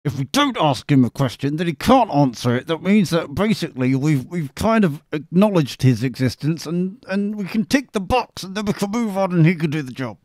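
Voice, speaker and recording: Male podcast host, rambling comic monologue, lively sarcastic delivery, slightly higher pitch. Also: normal speed, hardly any pauses, dry recording, clean studio sound. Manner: chatty, self-mocking, sarcastic asides to the listener.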